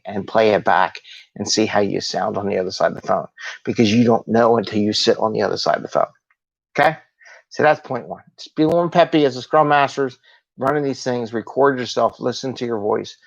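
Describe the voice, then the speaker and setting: A man's voice: medium pitch, dull audio. A man hosting a live solo video talk as an agile coach, talking in an upbeat, conversational way and asking his viewers rhetorical questions.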